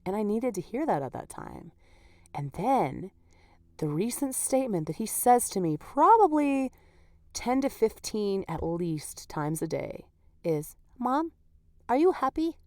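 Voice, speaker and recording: A woman's voice: mid-range voice, sing-song, a little slow, darkish tone, no echo, studio quality. A woman hosting a podcast in casual, candid chat, laughing often, her voice worn and not at full strength. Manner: chatty and candid, laughing often, with lots of "like" and "you know". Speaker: podcast host. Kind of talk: casual solo podcast talk.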